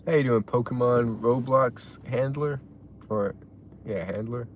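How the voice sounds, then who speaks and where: A man live-streaming and chatting casually, reading out chat messages in a laid-back way and reacting loudly to donations. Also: medium pitch, unhurried, a little hiss or hum.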